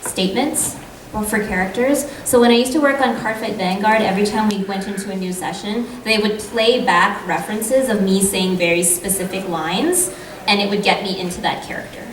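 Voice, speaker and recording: A woman's voice: mid-range voice, normal speed, a little hiss or hum. A woman voice actor on a convention panel, chatting about her craft and giving practical tips. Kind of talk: panel talk. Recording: echoey hall, mic from far off.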